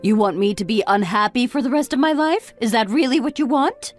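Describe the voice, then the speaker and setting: A woman's voice: a little high, brisk, soft background music, close to an everyday voice. A woman voicing a weary middle-aged mother who lectures her grown son reproachfully. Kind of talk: story narration dialogue.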